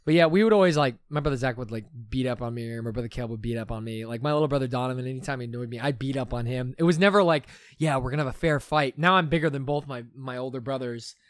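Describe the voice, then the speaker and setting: A man's voice: medium pitch, very fast, few pauses, smooth, dry recording, clean studio sound. A young man in casual chat, telling stories animatedly with plenty of fillers. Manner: animated storyteller, lots of fillers.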